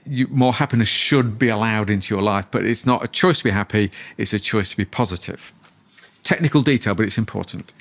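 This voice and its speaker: A man's voice: lowish voice, a bit bright. Enthusiastic middle-aged man telling stories. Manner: enthusiastic storyteller, acts out family dialogue. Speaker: positive psychology researcher and guest. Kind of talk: podcast interview.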